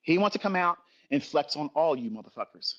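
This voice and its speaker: A man's voice: on the high side, expressive, brisk, a bit bright, dull audio. A middle-aged man giving a profane, scolding lecture as a trading educator in a livestream rant.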